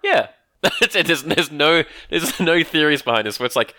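A man's voice: fairly high pitch, very animated, moderate pace, bright, forceful tone, slight background noise. A man with an Australian accent, chatting casually as a podcast co-host, wry and joking, often laughing. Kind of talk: casual chat.

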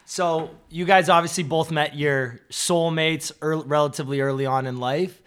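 A young man co-hosting a podcast, dropping quick joking asides. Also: a little high, fairly even intonation, a bit bright, smooth. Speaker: podcast co-host. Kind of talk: casual chat.

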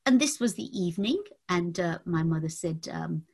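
A woman earnestly telling a personal faith testimony, reflective and halting with fillers. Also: lowish voice, animated, gravelly, a little mellow, breathy edge. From Indian family. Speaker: testimony speaker.

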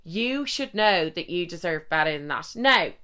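A woman's voice: on the low side, normal speed, clear, resonant tone. A young woman hosting a podcast, talking frankly and casually with lots of swearing and acted-out asides. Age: young adult. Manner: chatty, frank and swearing, with lively quoted asides. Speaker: podcast host. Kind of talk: casual solo podcast chat.

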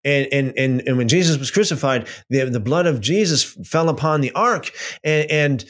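A man's voice: medium pitch, normal speed. A man teaching a casual Bible study, talking off the cuff with many restarts and repeated words, and acting out mocking back-and-forth dialogue. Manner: animated, repeats words and restarts sentences, mocks claims with imitated dialogue. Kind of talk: casual unscripted lecture.

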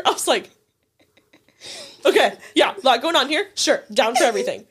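A woman's voice: high voice, sing-song, normal speed. A woman co-hosting a casual podcast chat, teasing her friend and laughing often as she reads messages aloud. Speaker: podcast co-host.

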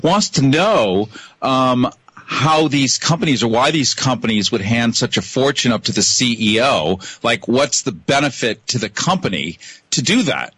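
A man's voice: medium pitch, animated, moderate pace, fairly bright tone, slightly rough, no room sound. A man hosting a radio talk show, reading listener tweets with wry asides. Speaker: radio host.

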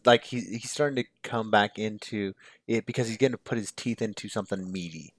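A woman co-hosting a podcast, chatting casually with blunt, grossed-out quips and quick, dry humor. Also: very deep voice, dry recording. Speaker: podcast co-host. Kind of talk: casual chat.

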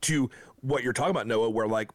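A man's voice: mid-range voice, a little fast, no room sound, clean studio sound. A man in casual podcast chat, telling stories in a laid-back way full of fillers. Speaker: former touring band member.

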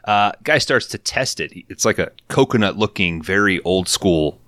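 A man's voice: low-pitched, normal speed, no echo, studio quality. A man co-hosting a podcast, telling stories in casual, profane chat. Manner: profane, storytelling, animated quotes. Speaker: podcast co-host. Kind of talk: casual chat recapping a show.

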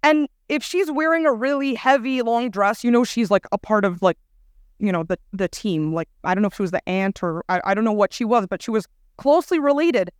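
A woman's voice: a little high, no room sound, studio quality. Chatty young woman preaching to youth. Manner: chatty, animated, lots of "like". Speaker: guest youth speaker. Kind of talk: casual storytelling sermon.

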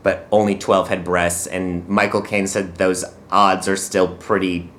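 A man's voice: low-pitched, flat delivery, measured pace, fairly bright tone, a little hiss or hum. A man from Poland co-hosting a podcast, recapping a movie with wry, dry jokes in a casual chat. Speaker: podcast co-host.

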